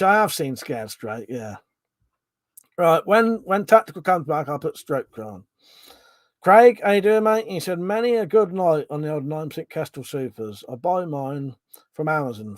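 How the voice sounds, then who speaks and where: A man with a slightly high voice hosts a laid-back livestream, reading viewers' comments, swearing freely, and laughing frequently. The audio is studio quality with no echo.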